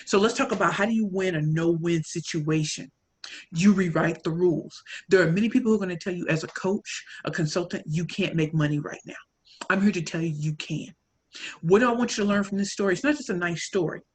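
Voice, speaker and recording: A woman from St. Louis with a St. Louis accent, telling a story and coaching in an animated, audience-directed way. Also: on the low side, brisk, slightly rough. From St. Louis, Missouri. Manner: animated, addresses audience as y'all, acts out quoted lines. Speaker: pitch coach and speaker. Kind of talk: motivational talk, storytelling.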